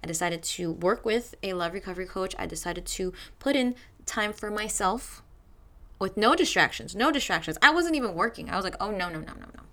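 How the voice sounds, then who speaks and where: A woman's voice: mid-range voice, lively intonation, fairly quick, fairly bright tone. Emphatic woman giving a motivational talk. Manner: emphatic, repeats phrases for stress. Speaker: podcast host. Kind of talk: motivational self-help talk.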